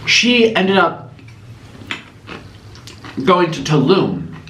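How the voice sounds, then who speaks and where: A man hosting a mukbang, telling gossipy stories in an animated way. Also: high voice, drawn-out words. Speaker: host. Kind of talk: casual storytelling during a mukbang. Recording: echoey room with faint noise.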